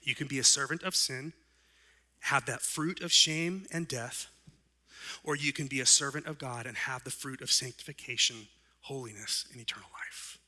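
A man preaching a sermon in an earnest way, letting his voice rise and then drop soft, and slowing down for emphasis. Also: mid-range voice. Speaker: pastor.

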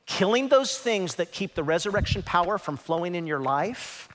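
Man pastor preaching in a big church hall, high voice jumping all over, long echo. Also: animated, normal speed, a little hiss or hum. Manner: preaching with dramatic pitch swings, swelling to shouts. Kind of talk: sermon. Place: church auditorium. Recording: large hall reverb.

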